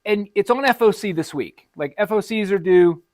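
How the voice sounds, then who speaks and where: Man, high-pitched, comic shop co-host, wry sarcastic asides, casual chat. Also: lively intonation, normal speed, darkish tone, dry recording.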